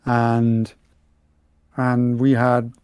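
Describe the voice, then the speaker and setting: German man, halting casual chat. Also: mid-range voice, monotone, darkish tone, clean tone, no room sound, studio quality. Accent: Bavarian German. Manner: halting, many restarts and repeated words. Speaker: podcast co-host and audiobook narrator.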